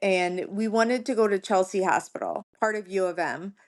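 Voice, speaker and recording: A woman's voice: medium pitch, lively intonation, normal speed. A woman guest on a podcast, earnestly recounting a personal ordeal in plain words, repeating phrases for emphasis. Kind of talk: recounting a personal story in conversation.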